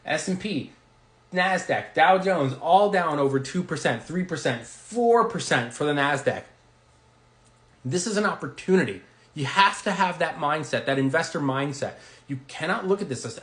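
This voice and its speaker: A man giving energetic, reassuring investing advice straight to camera, acting out quick reactions as he goes. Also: fairly high pitch. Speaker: investing video creator. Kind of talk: direct-to-camera finance talk. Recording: roomy echo.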